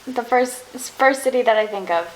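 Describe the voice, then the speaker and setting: A young woman from Canada, telling quick, self-deprecating stories about embarrassing moments in a casual storytime vlog. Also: a little high, a little hiss or hum, rough recording. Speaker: vlogger.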